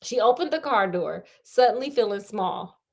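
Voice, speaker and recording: A woman's voice: medium pitch, lively intonation, moderate pace, vocal fry, a little mellow. A woman reading a novel aloud, breaking off often for sassy, joking comments on the characters. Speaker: audiobook reader.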